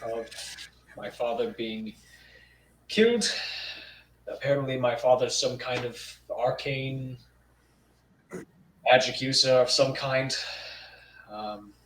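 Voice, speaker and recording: A man's voice: medium pitch, takes it slowly, pauses often, a bit bright. A man speaking in character as a player in a tabletop role-play, rambling and hesitant with many fillers. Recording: roomy sound, from far off, faint noise.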